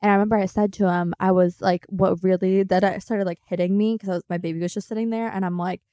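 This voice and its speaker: A young woman co-hosts a casual podcast chat, telling a story bluntly with plenty of swearing and filler words. Her voice is medium-pitched, steady and warm, she talks fast, and there's no room sound.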